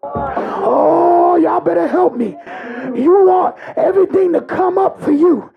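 Man preaching hard, real high gravelly voice, cries and shouts, kinda muffled lo-fi recording. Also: slow pace. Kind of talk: sermon.

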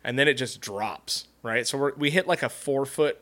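A man with a bright, forceful voice hosts a casual podcast. He tells a rambling, profanity-laced story and breaks into laughter often. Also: medium pitch, moderate pace, hardly any pauses. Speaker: podcast host.

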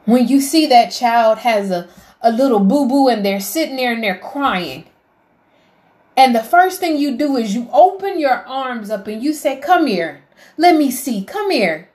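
A woman's voice: fairly high pitch, animated, normal speed, a little mellow. A woman giving a heartfelt devotional talk, emotional and preacherly, rising to fervent appeals. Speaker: faith vlogger.

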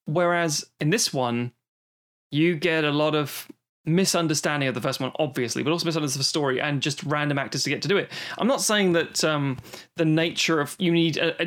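A man with a somewhat high voice talks films on a casual podcast. His humor is dry, he swears freely and pauses on frequent ums. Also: fairly bright tone. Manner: wry, sweary, many ums. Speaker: podcast co-host. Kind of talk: casual film review chat.

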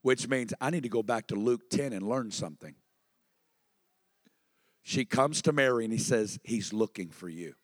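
A man's voice: mid-range voice, moderate pace, long pauses, no echo, in a large hall. A pastor preaching a sermon in a conversational style, prompting his congregation to respond.

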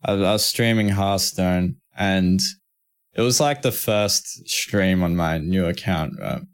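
A man with an Australian accent and a notably deep voice co-hosts a podcast. He talks loosely and casually, stacking fillers and restarts and swearing freely as he tells a story. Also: slow. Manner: rambling, profane, lots of fillers and restarts. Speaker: podcast co-host.

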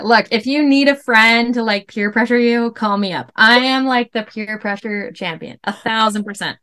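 A woman's voice: fairly high pitch, moderate pace. A woman in her thirties telling her own story as a podcast guest, candid and emphatic, full of "like" fillers. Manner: animated, emphatic, many "like" fillers.

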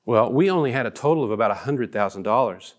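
A man's voice: medium pitch, expressive, quick pace. Middle-aged male pastor, earnest sermon delivery, storytelling, mid-range voice. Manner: earnest, storytelling, frequent restarts.

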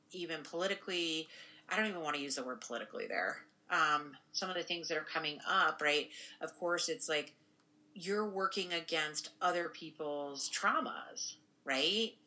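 Low, bright-voiced woman talking casually. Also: rough recording. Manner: rambling, frequent "right?" tag questions. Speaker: podcast co-host and spiritual practitioner. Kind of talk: casual conversation.

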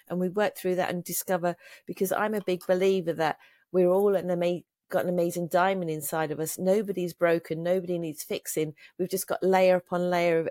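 A woman's voice: lowish voice, a little mellow, no room sound, studio quality. A middle-aged woman, a trauma coach, speaking earnestly and reflectively as an interview guest. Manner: earnest, reflective, with frequent restarts. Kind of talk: casual interview conversation.

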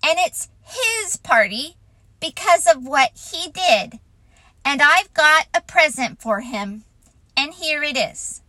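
An earnest young boy speaks up high and solemn, lifting his words with care, as a woman reads him. The sound is close and dry. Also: big pitch swings, slow, bright, forceful tone, no echo, exaggerated voice.

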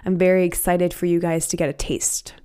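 Young woman podcast host, bit raspy today, lowish voice, rambly and upbeat solo chat. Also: flat delivery, brisk, warm tone. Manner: bubbly, rambling, spiritual. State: a little raspy from the weather. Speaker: podcast host and self-healing coach.

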